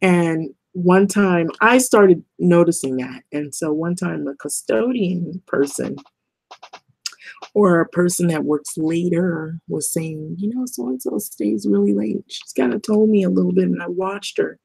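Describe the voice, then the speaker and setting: A woman's voice: lowish voice, unhurried, gravelly, a little mellow, slightly rough, no echo. A middle-aged woman talking bluntly and rambling in a casual vlog monologue, swearing and laughing often. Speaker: vlogger.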